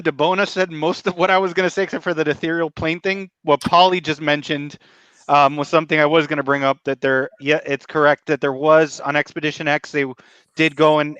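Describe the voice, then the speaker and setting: A man's voice: on the high side, a bit bright, no echo. Rambling male podcaster on a dull mic. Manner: rambling, enthusiastic retelling of lore. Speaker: podcast co-host. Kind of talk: casual chat.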